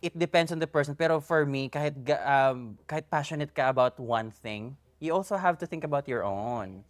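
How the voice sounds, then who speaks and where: A man with a Filipino accent, a guest on a chat show, talking casually and switching between Tagalog and English in a relaxed, joking way. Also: a little high, brisk. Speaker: guest, content creator and comedian.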